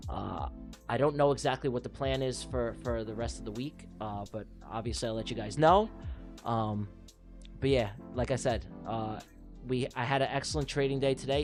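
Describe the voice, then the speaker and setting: A man from New York hosting a trading livestream, calling mock races in a rambling, excitable way before winding down, out of breath. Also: medium pitch. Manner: excitable, rambling, repeats himself. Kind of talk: livestream chat and race commentary.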